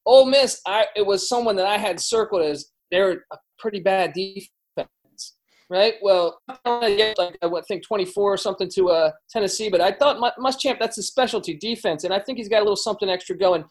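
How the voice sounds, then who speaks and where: A man with a notably high voice joins a betting podcast as a guest over a video call. He talks through his picks in a casual, rambling way, often restarting his sentences. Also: a little fast, rough recording. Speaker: guest handicapper. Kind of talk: casual sports betting chat.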